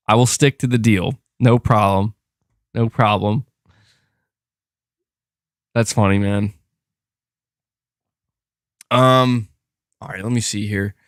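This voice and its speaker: A man's voice: mid-range voice, fairly bright tone, clear, resonant tone, no echo, clean studio sound. Chatty streamer man reading chat. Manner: rambling, hesitant, lots of fillers and restarts. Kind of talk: casual livestream chat.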